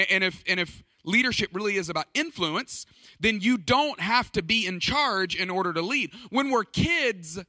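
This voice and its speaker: A man's voice: high-pitched, bright, forceful tone, no room sound. A middle-aged man speaking at a church leadership conference, telling stories in an emphatic, conversational way. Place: church stage.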